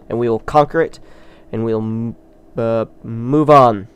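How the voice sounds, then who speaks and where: A man chats loosely while he plays, jumping between excitement and self-mocking asides. His voice is smooth and clear, with a middling pitch. He sounds like a casual gaming host talking to his viewers. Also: unhurried. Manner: rambling and excitable, self-deprecating. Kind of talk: let's play commentary.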